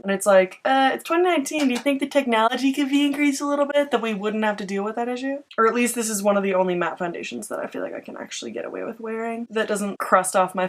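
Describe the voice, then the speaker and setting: A young woman with a mid-range voice chats through a makeup tutorial. She walks through each step and pokes fun at herself in little asides. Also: medium pitch. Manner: chatty, self-mocking asides. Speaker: beauty vlogger.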